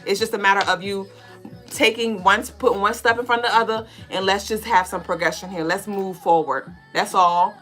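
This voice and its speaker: A woman's voice: mid-range voice, steady tone, brisk, a bit bright, faint music behind. A middle-aged woman, co-hosting a spiritual podcast and giving a blunt, profane pep talk during a tarot reading. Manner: profane, preachy, playful, acts out listeners in mock voices.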